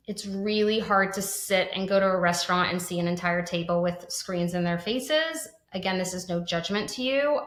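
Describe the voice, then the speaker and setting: A woman's voice: on the low side, fairly bright tone. A woman in her thirties co-hosting a conversational podcast, talking earnestly with frequent restarts and fillers like "like". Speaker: podcast co-host. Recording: roomy echo.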